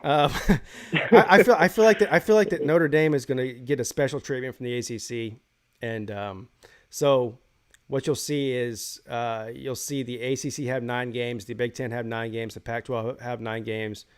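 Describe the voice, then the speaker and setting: A man's voice: medium pitch, steady tone, moderate pace, clear, resonant tone. A man hosting a live college football call-in show, giving his opinions in rambling casual talk full of restarts.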